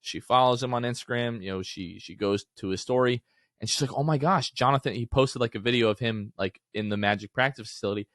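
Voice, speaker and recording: A man in his thirties co-hosts a sports podcast at a mid pitch, and his stories come out excited and animated. His voice is dry and close on the mic, with no room sound around it. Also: fast talker, no room sound. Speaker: podcast co-host. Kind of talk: casual sports podcast chat.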